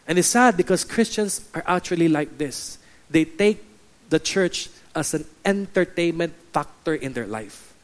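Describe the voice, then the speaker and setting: A man preaching to his church, acting out the voices of churchgoers with lively energy. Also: a little high, unhurried. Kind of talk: sermon. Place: church hall.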